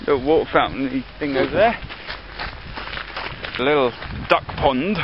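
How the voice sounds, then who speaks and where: A man's voice: medium pitch, moderate pace. A young man joking and laughing through a casual handheld vlog outdoors. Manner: playful, jokey, laughs a lot. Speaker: vlogger. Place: outdoors in a park. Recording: dull lo-fi camcorder audio, loud hiss.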